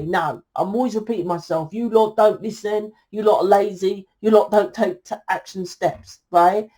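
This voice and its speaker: A woman's voice: mid-range voice, normal speed, few pauses, mellow. Blunt, scolding woman tarot reader. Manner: blunt, exasperated and scolding, swears freely. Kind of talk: tarot reading monologue to viewers.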